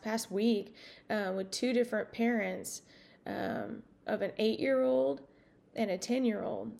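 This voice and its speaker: A woman's voice: medium pitch, creaky, darkish tone. A woman hosting her podcast in a casual monologue, rambling and outspoken, swearing freely. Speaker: podcast host.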